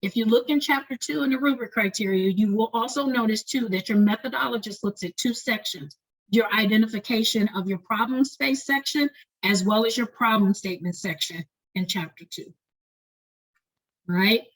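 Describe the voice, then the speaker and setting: Fast-talking woman teaching a writing webinar. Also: a little high, husky, poor audio. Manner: fast-talking, checks in with "right?". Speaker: doctoral writing instructor. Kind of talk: webinar lecture.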